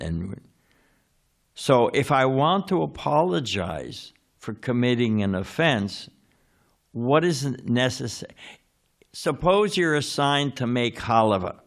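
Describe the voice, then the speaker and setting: A man gives a relaxed sermon in a temple, with a gravelly, mid-pitched voice. He talks conversationally, throwing questions to his listeners and now and then pausing to hunt for the right word. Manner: conversational, asks the audience questions, searches for words. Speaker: swami giving a scripture class. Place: temple hall.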